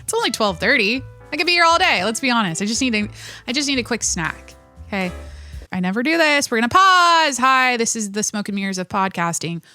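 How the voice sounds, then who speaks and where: A young adult woman hosting a solo podcast, ranting in an animated, profane way that keeps cutting itself off. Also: on the high side, fairly quick, soft background music. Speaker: podcast host.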